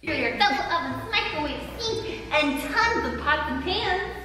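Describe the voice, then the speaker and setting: A woman playing a cheerful toy hotel manager in a home-made toy video, with a bright presenter-like delivery. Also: high voice, expressive, unhurried. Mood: upbeat. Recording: echoey room with loud background music.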